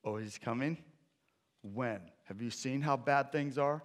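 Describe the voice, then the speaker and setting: Preacher doing a fed-up griping man, whiny and exasperated, pitched higher and louder. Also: a little slow, close to an everyday voice. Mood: whining. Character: fed-up whining complainer, male adult.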